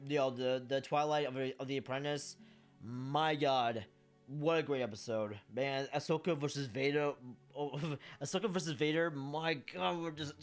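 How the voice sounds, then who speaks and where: A man's voice: fairly high pitch, clear, resonant tone. A man talking casually about a show he loves, rambling with many fillers and the odd curse, emotional and earnest. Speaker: fan sharing memories. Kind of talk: casual monologue vlog.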